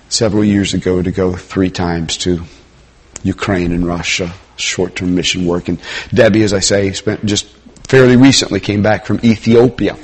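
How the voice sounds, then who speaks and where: Husky-voiced man preaching a sermon. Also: fairly low pitch. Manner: conversational, swings between loud emphasis and quiet asides.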